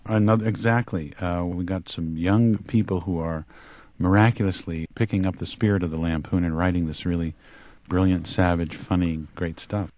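Deep-voiced rambling male comedian. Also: fairly even intonation, moderate pace, few pauses, darkish tone, no room sound. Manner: rambling, self-deprecating, laughing. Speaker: guest comedian. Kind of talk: radio interview.

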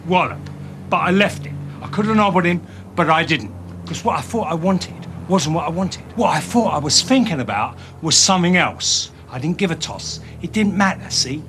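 Film role: tough Cockney ex-con, cool menace, slangy, slightly raised pitch. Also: male voice, animated, fairly bright tone, slight background noise. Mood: coolly menacing. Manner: street-tough, slangy, deliberate. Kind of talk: film acting.

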